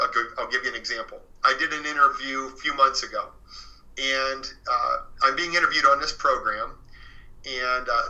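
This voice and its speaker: A man tells his story as an interview guest, speaking earnestly and often circling back with fillers and restarts. His voice has a sharp, very bright edge, heard through slightly muffled, lo-fi audio. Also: mid-range voice.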